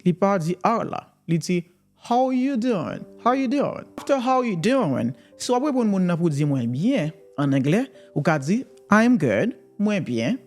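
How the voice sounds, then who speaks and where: Lively language teacher. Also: mid-range voice, faint music behind. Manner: explains in Creole, models English phrases slowly. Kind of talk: bilingual language lesson.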